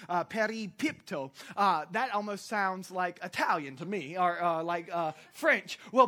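Bright, animated preacher in full flow. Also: mid-range voice. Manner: animated, jokey, rising to shouts for emphasis; frequent "uh" fillers and self-corrections. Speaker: pastor. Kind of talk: sermon.

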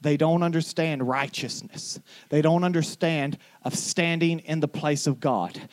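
A young adult male pastor preaching a sermon, telling his story quietly and then rising to shouted declarations. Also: fairly high pitch, unhurried.

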